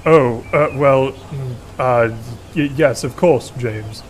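A big, self-important steam engine with a grand, formal way of talking, who keeps tripping over his words and stammering when he gets flustered, as a man puts him on in a storybook reading. The voice sits at an ordinary middle pitch, with faint noise in the background. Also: animated, moderate pace, natural voice. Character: pompous big male express steam engine.

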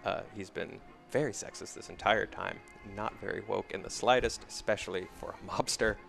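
A man narrating a tabletop game as game master, relaxed and full of fillers. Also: on the low side, normal speed, vocal fry, faint music behind.

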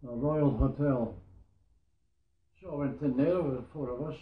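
A man's voice: medium pitch, normal speed. A Scottish man in his nineties recalling his wartime years in a rambling storytelling manner, often repeating "I says". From Scotland. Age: 90s. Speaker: war veteran interviewee. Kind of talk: oral history reminiscence. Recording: echoey, tinny phone-like sound.

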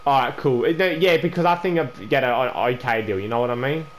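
A man's voice: medium pitch, fast, a little hiss or hum. A young man, a gaming YouTuber, chatting casually during an online trade prank, stammering and repeating himself and calling the other player "bro" and "man".

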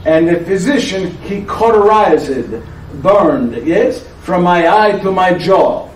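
An actor playing an aging, tired but playful friar with an Italian accent, a teasing storyteller who keeps asking "yes?". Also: male voice, sits high, expressive, takes it slowly, slight background noise. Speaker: actor performing a one-man show. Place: church hall before a live audience. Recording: echoey church hall, voice from far off.

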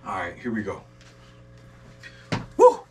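A man hosting a music reaction video, joking loudly and talking straight to his viewers in a casual, profane way. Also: low-pitched, slow. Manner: animated, joking, profane, talks to his audience.

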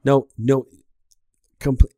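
A man's voice: medium pitch, flat delivery, very slow, dark tone, no room sound, clean studio sound. A man co-hosting a podcast, telling a funny story in casual chat, laughing and swearing as he goes. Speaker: podcast co-host.

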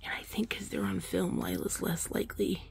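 A woman's voice: fairly low pitch, very animated, normal speed, gravelly, whispered. A woman filming her cats on a phone, chatting to them affectionately in a casual pet vlog. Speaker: vlogger.

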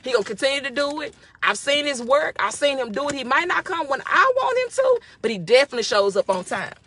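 A woman hosting a casual devotional talk, speaking with excitement and emphatic repetition. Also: sits high, fast talker, a little hiss or hum. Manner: excited, emphatic, with repeated phrases.

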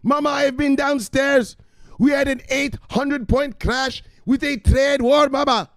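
A man voicing an excitable grown son who brushes off his mother in a shrill, dismissive, breathless rush. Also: a little slow, dry recording. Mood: dismissive, excited.

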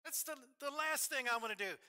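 Brief: man putting on a keen older volunteer with an Alabama accent, pitched up, bright and emphatic. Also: lively intonation, brisk, heavily acted. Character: cheerful older man, eager church volunteer.

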